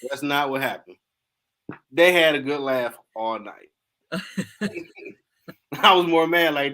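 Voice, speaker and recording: Male host, bright, slightly high voice, animated storyteller who acts out every line in slang. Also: slow, pauses often. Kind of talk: casual storytelling.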